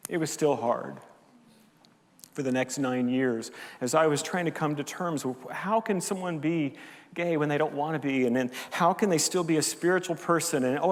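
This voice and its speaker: An older man, a pastor, preaching a sermon as a candid, heartfelt personal testimony. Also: on the high side. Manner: candid storytelling, confessional and heartfelt. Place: church sanctuary. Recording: long hall reverb.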